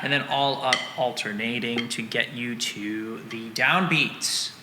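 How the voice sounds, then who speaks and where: A man's voice: mid-range voice, slow pace. Man teaching drums in an echoey room. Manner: counts and sings rhythms aloud in syllables; relaxed explaining with fillers. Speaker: drum teacher. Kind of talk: drum lesson breakdown. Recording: roomy echo with long reverb, loud drum music behind. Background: drum line music.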